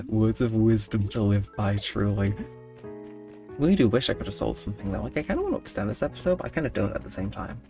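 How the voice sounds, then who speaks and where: A man's voice: fairly low pitch, lively intonation, brisk, a little mellow, soft background music. A young man telling stories in late-night gameplay commentary, rambling with mock-indignant outbursts. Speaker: gaming channel host.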